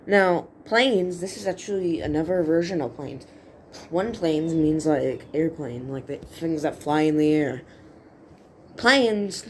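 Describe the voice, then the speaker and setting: A woman's voice: low voice, slight background noise. A woman hosting a casual writing tutorial video, talking in a rambling, playful way and often correcting herself mid-word.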